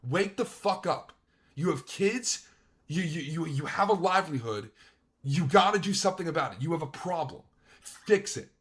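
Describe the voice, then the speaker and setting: A man with a slightly high voice vents furiously in a reaction stream. He swears freely and pushes his points hard. His talk is heated, blunt commentary. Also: animated, normal speed, a little hiss or hum. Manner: angry, profane ranting.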